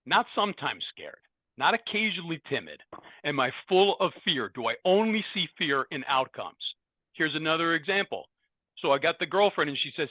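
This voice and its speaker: A man with a fairly high voice shares his recovery story with fervent, preacherly emphasis, repeating his key words for the room. The sound is tinny and phone-like, with no room echo at all. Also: very animated, normal speed. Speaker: speaker at a recovery meeting.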